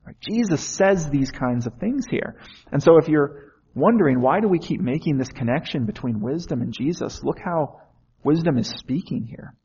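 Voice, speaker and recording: A man's voice: on the high side, lively intonation, normal speed, mellow, husky, highs cut off. A man preaching a sermon in an earnest way, often asking the listeners questions.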